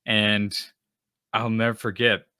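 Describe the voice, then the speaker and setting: A man's voice: on the low side, flat delivery, takes it slowly, sharp tone, smooth, dry recording, clean studio sound. A man hosting a Christian podcast, talking earnestly and casually about forgiveness, often restarting his sentences. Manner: earnest and conversational, with frequent restarts. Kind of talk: casual faith talk.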